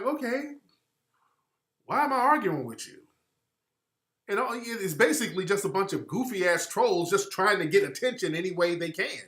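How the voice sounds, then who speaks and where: A man's voice: fairly high pitch, fairly bright tone, reverberant. A man hosting a livestream, talking in an emphatic, rhetorical way that is full of profanity. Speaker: livestream host. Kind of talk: livestream monologue.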